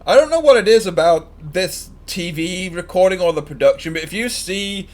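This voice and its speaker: A man with a slightly high voice talks over a live football match for his stream. He chats, jokes and rattles off gloomy predictions for his own team. The delivery is loose and conversational, like a fan on the sofa. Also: expressive, moderate pace. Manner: chatty, joking, fan-biased predictions. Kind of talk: casual live match commentary.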